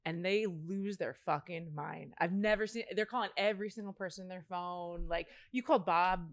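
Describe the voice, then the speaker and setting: A woman's voice: on the low side, moderate pace, dry recording. A woman co-hosting a podcast in a bar, teasing her co-host and chatting casually. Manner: teasing, laughs along. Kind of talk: casual chat.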